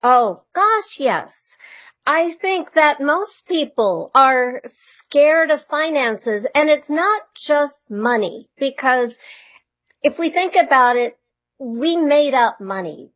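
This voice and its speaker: A woman's voice: high-pitched, animated, slow, fairly bright tone. A woman who is an author and money coach, a radio interview guest, speaking earnestly and reflectively with conviction.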